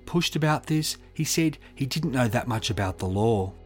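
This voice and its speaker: A man giving measured, scripted true-crime narration and reading out quotes. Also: medium pitch, lively intonation, soft background music. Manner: measured, reads quotes aloud.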